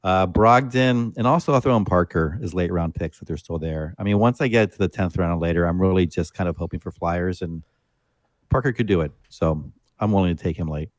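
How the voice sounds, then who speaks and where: Deep-voiced man co-hosting a podcast. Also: brisk, no room sound. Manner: brief, matter-of-fact. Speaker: podcast co-host. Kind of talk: casual podcast chat.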